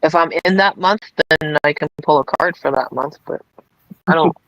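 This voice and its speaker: A man co-hosting a casual live stream, reading card affirmations aloud at a deliberate pace and apologizing for small slips. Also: a little high, gravelly, a bit bright, no echo, poor audio. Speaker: livestream co-host reading cards.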